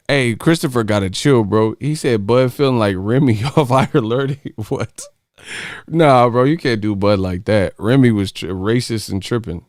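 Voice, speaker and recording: A man's voice: lowish voice, darkish tone, dry recording, studio quality. A man hosting a casual livestream chat, joking with viewers and breaking into sung snippets and movie impressions. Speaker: livestream host.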